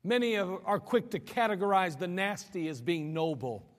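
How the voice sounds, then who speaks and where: High-voiced preacher man in a reverberant hall. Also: lively intonation, normal speed, hardly any pauses. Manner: dramatic preaching, sudden drops to low quiet lines; repeats words when building a point. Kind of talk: sermon.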